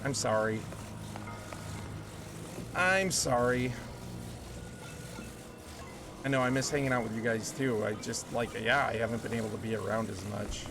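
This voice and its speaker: A man's voice: mid-range voice, moderate pace. Chatty male streamer over game music. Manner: rambling, chatty storytelling with frequent restarts. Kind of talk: casual live-stream chat while gaming.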